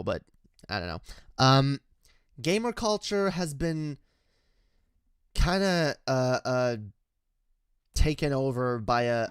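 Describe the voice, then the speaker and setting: A man's voice: mid-range voice, clean tone, no room sound, studio quality. A man hosting a livestream, chatting casually and reading chat, with rambling speech full of restarts. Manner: rambling, lots of fillers and restarts, laughs often.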